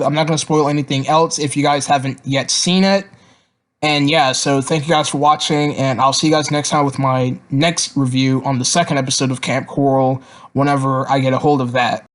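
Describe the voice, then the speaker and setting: A man casually reviewing cartoon episodes, rambling with lots of fillers and repeated words. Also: medium pitch.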